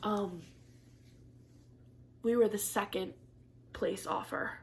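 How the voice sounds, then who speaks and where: A woman's voice: medium pitch, fairly even intonation, slow pace, gravelly. A young woman chatting candidly to camera in a craft vlog, swearing casually and laughing often, teary and disappointed. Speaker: craft vlogger.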